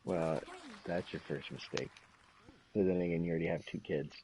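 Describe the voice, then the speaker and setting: Over a very noisy recording, a low, steady-toned voice at a moderate pace belongs to a man hosting a gaming stream. He chats casually as he plays, rambling through funny stories and laughing a lot.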